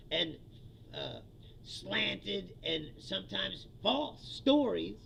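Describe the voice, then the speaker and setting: A man delivers a crude, mocking comedic rant in a very high, bright voice full of gravelly fry. He swings his pitch all over and laughs at his own jokes. The recording sounds dull and lo-fi. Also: big pitch swings, unhurried, a little hiss or hum. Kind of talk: profane comedic political rant.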